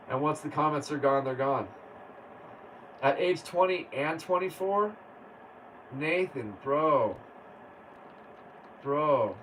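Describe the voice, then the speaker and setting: Slow-talking man, distant mic. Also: on the high side, fairly bright tone. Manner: laid-back, laughs often, reads viewer comments aloud. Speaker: livestream host. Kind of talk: casual live chat reading comments. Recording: distant mic with faint background noise.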